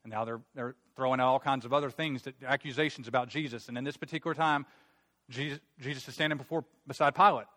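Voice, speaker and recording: A man preaching a sermon, retelling a Bible story in a conversational, animated way. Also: mid-range voice, quick pace.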